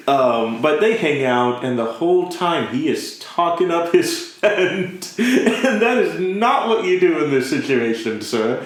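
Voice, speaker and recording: A man's voice: on the high side, very animated, measured pace, hardly any pauses. A man chatting casually about a show he likes, laughing often and acting out the characters' lines. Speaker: podcast co-host. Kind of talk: casual anime review chat. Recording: echoey room.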